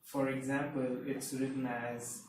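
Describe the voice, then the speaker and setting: A man whose first language is Hindi teaches a language lesson and explains each point step by step. He speaks slowly and deliberately at a mid pitch. His voice bounces around a very reverberant room, picked up from a distance with a faint hiss behind it. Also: flat delivery. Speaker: Mandarin teacher. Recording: very echoey room, mic far off, faint hiss.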